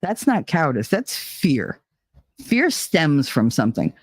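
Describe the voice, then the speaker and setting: A woman's voice: deep voice, very animated, a little slow, breathy edge, dry recording. A middle-aged woman hosting a casual solo talk show, blunt and opinionated, swearing freely and laughing often. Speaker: podcast host.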